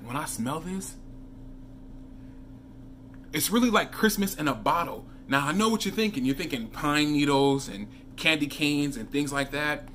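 A man's voice: on the high side, slight background noise. Chatty man reviewing fragrances. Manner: chatty, animated storytelling with asides to viewers. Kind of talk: casual vlog review.

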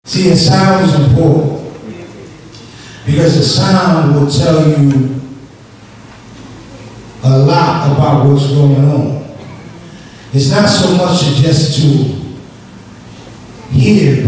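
Emphatic preacher in an echoey hall. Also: male voice, a little high, slow, long pauses, darkish tone, far from the mic, a little hiss or hum. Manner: emphatic, calls the congregation to repeat after him. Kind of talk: sermon.

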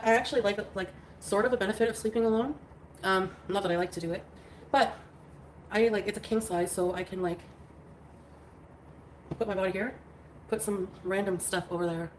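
A woman's voice: mid-range voice, a little hiss or hum, rough recording. A woman chatting casually on a livestream, congested and drowsy from flu medicine, rambling with lots of fillers and small laughs. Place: bedroom.

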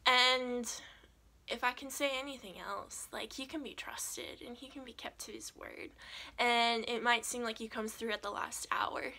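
A young woman telling a personal faith story as a vlogger, earnest and animated, with lots of "like". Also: a little high, a little slow, gravelly. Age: young adult. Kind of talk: personal testimony.

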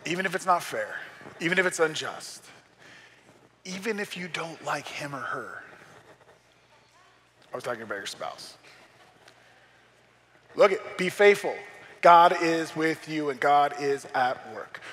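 A man with a high, bright, forceful voice delivers a sermon from a church. He preaches in a conversational way and slips in joking asides. His words ring with the long reverb of a large hall. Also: expressive, measured pace, slight background noise. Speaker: pastor. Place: church sanctuary.

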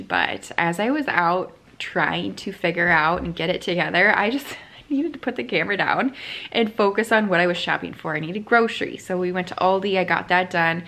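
A woman's voice: on the low side, fairly bright tone. Chatty woman vlogging at home. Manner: chatty, rambling, with small laughs. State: out of breath. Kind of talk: casual vlog talk to camera. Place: at home, then in a car and out in the cold.

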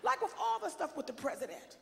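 A woman performing a stand-up comedy set, bold and sassy, shouting out her punchlines. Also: high-pitched, wildly swooping pitch, fast talker, creaky, big-room sound.

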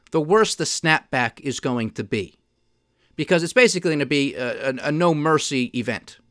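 Male podcast host, fairly high-pitched, emphatic and indignant. Dry, close sound. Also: a bit bright, dry recording. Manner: emphatic, indignant, mocking quoted officials. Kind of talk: solo commentary.

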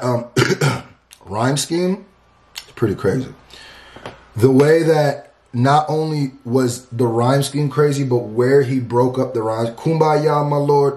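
A man hosting a music reaction video, talking in a casual, slangy and animated way as he breaks down rap lyrics. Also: medium pitch, echoey room. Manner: animated, slangy, loose and talkative.

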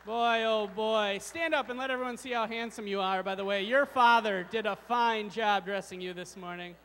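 A man's voice: sits high, a little fast, fairly bright tone. A man giving a playful children's sermon in a large church, joking with the kids and the congregation. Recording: long church hall reverb, mains hum.

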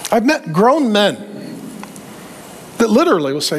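High-voiced man preaching a sermon. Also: a little slow, a little hiss or hum. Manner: animated and joking, acting out quoted voices. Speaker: pastor.

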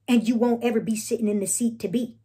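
A woman's voice: fairly high pitch, warm tone, husky. A young woman speaking tells her side of a reality show fight, bluntly and with heavy swearing. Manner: blunt, heated, swears freely, quotes herself and others. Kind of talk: casual talking-head vlog.

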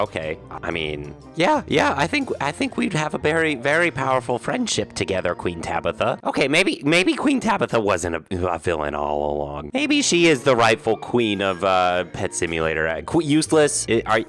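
Young man, gaming host, lively pitch swings, jokey, stammering restarts, faint background music. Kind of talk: casual game commentary.

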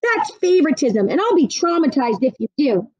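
A woman puts on a sarcastic, complaining boy for a storybook reading, pitched high with a whiny edge. The sound is dry and slightly dull. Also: very animated, moderate pace, darkish tone, no echo.

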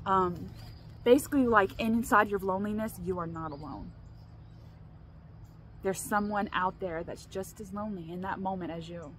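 Woman, vlogger, casual chat, earnest, rambling, middling pitch, faint background noise. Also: moderate pace, a bit bright. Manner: rambling and earnest, restarts often, laughs between thoughts. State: emotional, choked up. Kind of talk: casual vlog talk.

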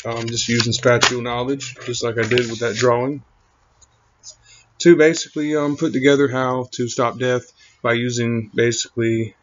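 A man of middle pitch rambles on, halting often and trailing off between thoughts. The recording is dull and lo-fi. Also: fairly even intonation, slight background noise. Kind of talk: rambling monologue. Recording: muffled lo-fi recording.

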